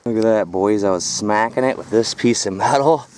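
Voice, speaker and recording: Low-voiced guy vlogging outside on his phone, swearing casually, kinda winded, faint background noise. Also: moderate pace, darkish tone. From Michigan. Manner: loose, profane, addresses viewers as folks and boys. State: out of breath while hauling. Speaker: scrapping vlogger. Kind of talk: casual vlog narration. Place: outdoors at a rural property.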